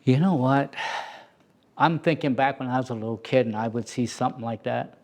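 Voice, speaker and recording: A man who plays Santa, telling a casual anecdote in an animated way and acting out the voices of the people in it. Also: medium pitch, fairly quick. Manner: animated, acts out quoted voices.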